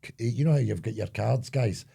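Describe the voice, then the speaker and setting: A man's voice: lowish voice, a little fast, vocal fry, warm tone, slightly rough. An older Scottish man co-hosting a casual podcast chat, joking and swearing as he tells stories. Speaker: co-host.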